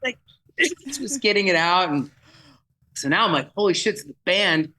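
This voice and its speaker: A man telling a vivid, excitable story in podcast chat, often restarting his sentences. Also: high-pitched, normal speed, rough recording. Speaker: festival producer guest.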